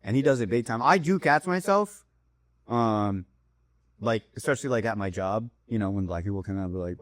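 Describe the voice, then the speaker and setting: A young man co-hosting a podcast in casual chat. He tells animated stories, and his voice jumps high when he gets worked up. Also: quick pace, dry recording. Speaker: podcast co-host.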